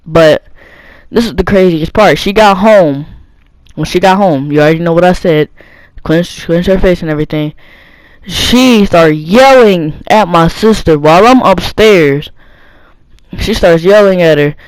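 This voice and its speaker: High-voiced boy telling a story. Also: a little slow, dry recording, poor audio. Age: young teen. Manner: rambling, many fillers and restarts. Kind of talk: casual storytime monologue.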